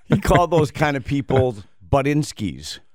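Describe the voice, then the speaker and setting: A man's voice: mid-range voice, a little mellow, no echo, studio quality. A man hosting a talk radio show, rambling and acting out little scenes in casual banter.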